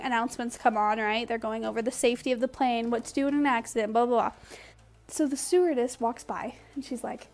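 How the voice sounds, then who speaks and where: A woman's voice: sits high, a little mellow. A young woman vlogger casually telling a funny personal story, chatty and loose, full of "like" and "dude". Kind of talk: storytime vlog.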